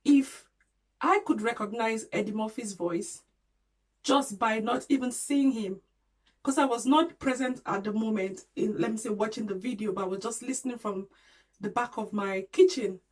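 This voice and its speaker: A woman's voice: fairly high pitch, moderate pace, low-quality recording. A woman vlogging to her channel, talking earnestly and encouragingly, with frequent ums and restarts. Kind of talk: casual talk to camera.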